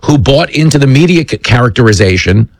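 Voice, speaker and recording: A man hosting a political commentary show, delivering a brash, emphatic monologue with quick asides. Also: mid-range voice, animated, dry recording. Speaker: host.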